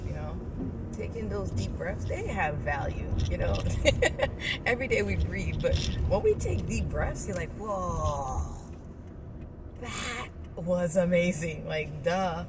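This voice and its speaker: A woman birth coach giving an encouraging, playful motivational talk and acting out little inner voices. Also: lowish voice. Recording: distant mic with loud road noise.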